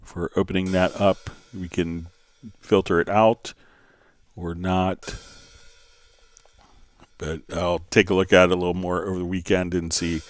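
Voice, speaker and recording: A man hosting a live software tutorial, answering viewer questions and thinking aloud as he clicks through menus. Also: deep voice, level tone, measured pace, long pauses, no room sound, faint music behind. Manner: thinking aloud, many fillers.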